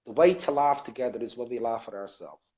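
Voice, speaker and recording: A man's voice: mid-range voice, lively intonation, fairly quick, darkish tone, dull audio. A man hosting a casual online chat show, effusive and jokey, laughing a lot with his guest. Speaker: show host.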